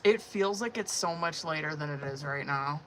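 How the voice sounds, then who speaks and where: A woman's voice: deep voice, moderate pace, a bit bright, slight background noise. A woman giving tarot readings on a live stream in casual, profane, chatty talk that is full of laughs. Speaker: tarot reader.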